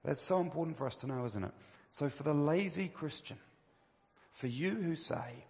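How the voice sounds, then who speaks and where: Gravelly preacher in a reverberant hall. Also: male voice, on the high side, moderate pace, a little mellow. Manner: emphatic, rhetorical questions, rising to stress key phrases. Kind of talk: sermon. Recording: long reverb of a church hall.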